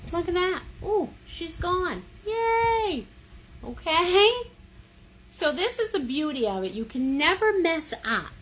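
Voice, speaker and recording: A woman's voice: very high voice, big pitch swings, a little slow, fairly bright tone. A woman leading a livestream painting lesson, chatty and playful, cheering viewers on and humming little sound effects as she works. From United States. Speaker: painting instructor. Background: fan running.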